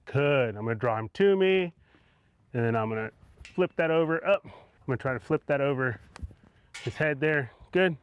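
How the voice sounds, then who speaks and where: A man, a horse trainer, explaining what he is doing as he works a horse with a rope, calm and coaxing, with soft words of praise between steps. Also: medium pitch, moderate pace, pauses often, clear, resonant tone, highs cut off. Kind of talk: instructional demonstration.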